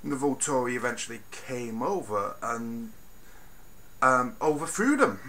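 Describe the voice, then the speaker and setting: A man giving a casual spoken film review, animated and ranting, swinging from mutters to loud bursts and swearing freely. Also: mid-range voice, unhurried. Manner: swears freely, exasperated rants.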